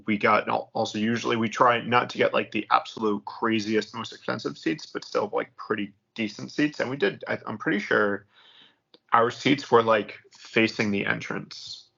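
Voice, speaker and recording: A man who is a guest on a podcast, talking in a relaxed, conversational way. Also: medium pitch, moderate pace, gravelly, breathy edge. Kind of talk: casual chat. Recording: dull lo-fi sound.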